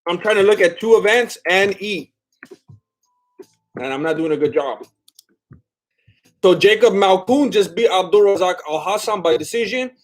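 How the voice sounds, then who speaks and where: A man's voice: high voice, normal speed, long pauses. Chatty man hosting a live stream. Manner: chatty and scattered, laughing often. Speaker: livestream host. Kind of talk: casual live watch-along chat reading viewer comments.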